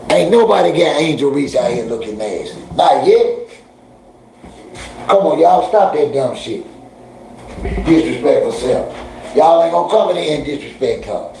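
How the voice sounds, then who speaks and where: Male livestream host, blunt, streetwise, casual chat with viewers, mellow voice, echoey room. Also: fairly high pitch, animated, measured pace, gravelly, long pauses, a little hiss or hum. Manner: blunt, scolding and streetwise, addresses chat directly.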